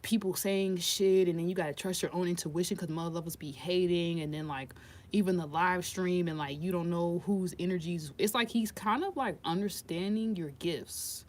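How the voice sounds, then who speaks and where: A woman's voice: lowish voice, normal speed, darkish tone. A woman doing a casual live-stream tarot reading, blunt and profane, often laughing. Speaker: tarot reader.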